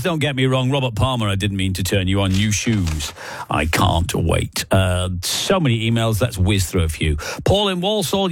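A man's voice: medium pitch, dry recording. A man with a Lancashire accent presenting a radio show in a casual, joking way, reading out listeners' messages. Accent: Northern English, Lancashire. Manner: chatty, joking, reads out listeners' names. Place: radio studio. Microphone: studio microphone.

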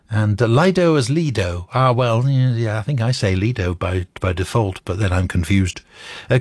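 A man's voice: on the low side, animated, moderate pace, a little mellow, slightly rough, dry recording. A man presenting a radio show in a studio, chatting casually on air in a hesitant, wry way, full of fillers and restarts.

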